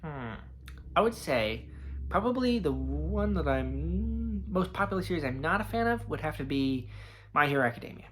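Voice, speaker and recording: A man's voice: fairly high pitch, big pitch swings, normal speed, a little hiss or hum. A man hosting his own channel, chatting casually through an introduction and Q&A, rambling with frequent fillers and hesitations. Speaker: channel host.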